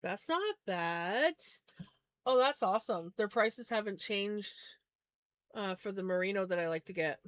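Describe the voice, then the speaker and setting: A woman's voice: mid-range voice, expressive, a little slow, dry recording. A woman live streaming in casual chat as she spins yarn, rambling along and laughing easily.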